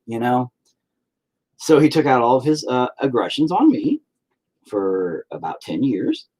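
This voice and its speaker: A man's voice: mid-range voice, unhurried. A man chatting casually while painting on a livestream, rambling and swearing freely. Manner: profane, rambling, animated.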